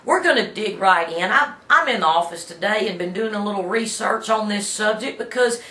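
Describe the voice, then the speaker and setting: A woman's voice: mid-range voice, lively intonation, a little fast, pushed and bright, roomy sound. A middle-aged woman from Alabama with a Southern accent, hosting a casual talk show from her office in a folksy, opinionated way, with many fillers and repeated words. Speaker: host.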